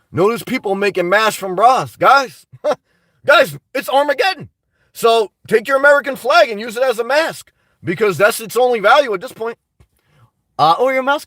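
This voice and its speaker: A man's voice: high voice, a bit bright, no echo. A man hosting a casual livestream, reading viewer chat aloud and talking bluntly and profanely to his viewers as guys. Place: home in New Jersey. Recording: dry sound, mic at a distance.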